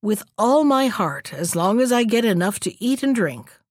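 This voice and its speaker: Storybook marksman, brusque and proud, woman reading, lively voice. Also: a little high, normal speed, dry recording, clean studio sound. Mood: willing. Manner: brusque, hushing. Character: sharp-shooting man, brusque and proud.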